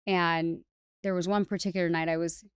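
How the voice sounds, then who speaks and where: On a podcast, a hairstylist educator chats candidly about her personal story, leaning on "like" and frequent restarts. She speaks at a moderate pace with a fairly low, level, clear and resonant voice. The sound is clean studio audio without echo.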